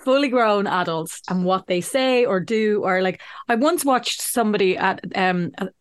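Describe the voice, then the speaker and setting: A woman's voice: medium pitch, smooth. Chatty Irish woman hosting a podcast. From Ireland. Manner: chatty, quick to laugh. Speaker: podcast host. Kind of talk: casual podcast interview.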